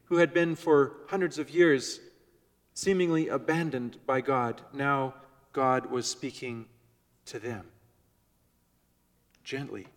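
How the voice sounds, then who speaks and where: A man's voice: mid-range voice, fairly even intonation. Male pastor preaching in a reverberant hall. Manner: measured, swings from soft and gentle to loud emphasis. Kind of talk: sermon. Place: church before a congregation.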